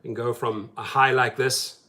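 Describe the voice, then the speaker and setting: A man hosts a casual livestream as a rideshare driver, talking to viewers from his parked car. He speaks emphatically and with conviction, and at times his voice drops low and soft. His pitch sits in the middle range. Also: moderate pace. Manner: animated and emphatic, then soft and subdued. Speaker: rideshare driver and channel host.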